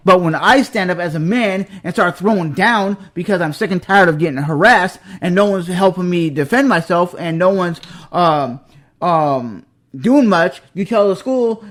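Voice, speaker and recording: Heated, emphatic man telling a story. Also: sits high. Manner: heated and emphatic, acts out quotes. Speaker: podcast host. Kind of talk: casual storytelling monologue.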